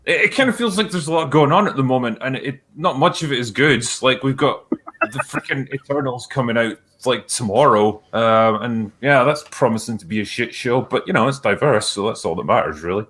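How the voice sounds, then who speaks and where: A man's voice: medium pitch, brisk, fairly bright tone. Easygoing, jokey man hosting. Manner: easygoing and jokey, often laughing. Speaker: podcast host. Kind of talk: casual chat.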